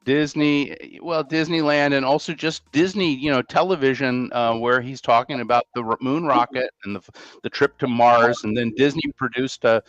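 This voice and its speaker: A man's voice: medium pitch, steady tone, moderate pace, fairly bright tone, no room sound. A man hosting a casual podcast chat, talking in a hesitant way with many restarts. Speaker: podcast host. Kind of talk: casual conversation. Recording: dry, muffled mic sound.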